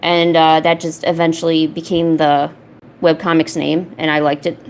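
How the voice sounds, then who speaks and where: A woman streaming a painting session from home, chatting casually and rambling with lots of restarts, often cooing softly to her cat. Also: deep voice, flat delivery, moderate pace, slight background noise, low-quality recording. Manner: rambling, self-interrupting, soft baby talk to her cat. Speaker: art streamer. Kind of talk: casual chat while painting. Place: home, indoors.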